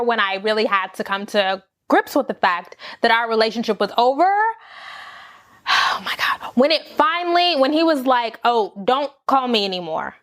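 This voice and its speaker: A young adult woman candidly telling a personal story to camera, acting out her own past lines. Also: on the high side. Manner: candid, animated, acts out her own quotes. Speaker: vlogger.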